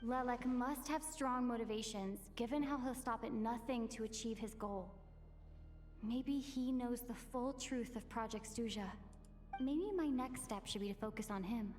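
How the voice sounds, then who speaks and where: A woman voicing a young female traveler's slow, thoughtful inner monologue in a game. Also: fairly high pitch, a little mellow, faint music behind, lightly acted. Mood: pensive.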